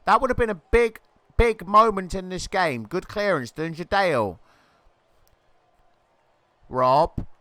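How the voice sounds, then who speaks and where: At a measured pace with long pauses, a man offers jokey commentator patter over a video game football match. His voice is high, crisp and smooth, and it climbs to excited shouts at near misses and goals. The recording is close, dry and echo-free.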